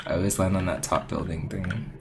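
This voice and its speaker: A man's voice: sits low, fairly even intonation, a little fast, creaky, noisy background. A man streaming a game, chatting casually and teasing his partner with frequent laughs. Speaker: streamer playing duos. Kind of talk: casual gaming chat.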